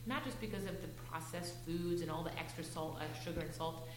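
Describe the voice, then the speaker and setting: A woman's voice: on the low side, fairly quick, reverberant, slight background noise, rough recording. A woman nutrition counselor in casual chat who explains things step by step and often checks back with "right?". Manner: explanatory, reassuring, asks checking questions.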